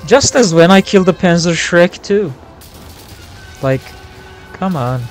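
Slow-talking excitable gamer man. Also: high-pitched, soft background music. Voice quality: excitable, yelling, swearing. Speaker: streamer. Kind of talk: live gameplay commentary.

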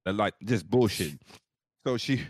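A man's voice: lowish voice, measured pace, breathy edge, no echo. A man co-hosting a podcast over a video call, telling a long profane story in casual chat. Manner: rambling, profane, animated storyteller. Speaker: podcast co-host.

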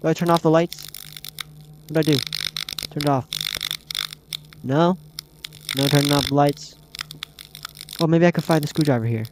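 A man's voice: fairly high pitch, normal speed, pauses often, background noise. A young man hosting a horror game let's play, easily startled and talking to himself and his viewers as he goes. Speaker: gaming channel host.

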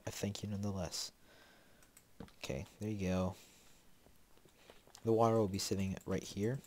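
A man's voice: low voice, darkish tone, slight background noise. A man giving casual gameplay commentary as a Let's Play host, rambling and talking to himself with lots of fillers, a bit sniffly from a slight cold.

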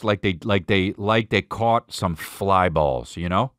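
A man's voice: lowish voice, a little slow, fairly bright tone, no echo, clean studio sound. A man hosting a podcast, telling a crude, rambling comedic story. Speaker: podcast host.

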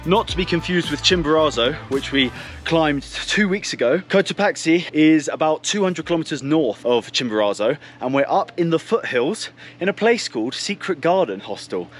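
A man's voice: a little high, lively intonation, moderate pace, faint music behind. A man hosting a travel vlog, slightly out of breath, talking in a chatty, upbeat way from a hostel gym. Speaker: travel vlogger host. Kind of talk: casual vlog narration.

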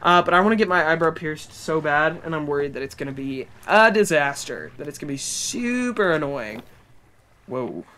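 A man's voice: a little high, animated, moderate pace, pushed and bright, slight background noise. A man streaming live, chatting as he plays and talking back to game characters and his chat. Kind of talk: live gameplay commentary.

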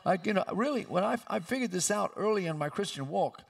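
A male pastor preaching a sermon with emphatic delivery and sudden loud, high outbursts, recorded in a church sanctuary. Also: animated, quick pace, vocal fry, few pauses, far from the mic.

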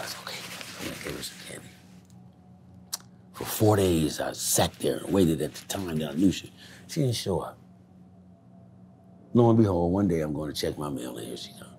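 A man in a candid street interview, speaking in a low-key, reflective way and swearing freely. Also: animated, moderate pace, pauses often, a little mellow, a little hiss or hum.

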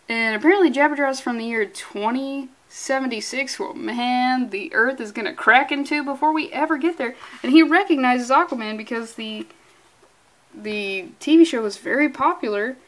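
A woman's voice: sits high, fairly bright tone. A young woman reviewing a comic book in a casual, sarcastic, profane and rambling way. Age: young adult.

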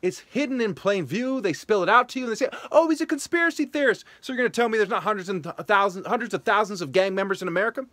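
High-pitched man ranting angrily. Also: very fast, few pauses, no echo. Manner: angry, profane, hectoring; rising to shouting. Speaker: vlogger. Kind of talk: ranting monologue.

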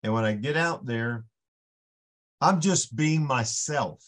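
A man, a ministering guest on a faith podcast, telling a personal story and acting out the voices in it. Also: medium pitch. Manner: unhurried storytelling, acts out the voices in his story. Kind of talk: casual storytelling testimony.

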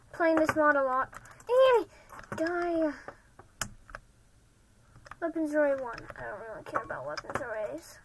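A child commenting on a block-game match, excitable and often muttering quiet half-whispered asides. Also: sits high, slight background noise, low-quality recording. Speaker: gamer. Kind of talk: Minecraft gameplay commentary.

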